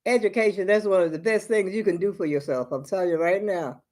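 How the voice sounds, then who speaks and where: This older woman vlogger talks fast in a medium-pitched, darkish voice. Chatty and homey on her live stream, she calls viewers y'all and is a bit out of breath.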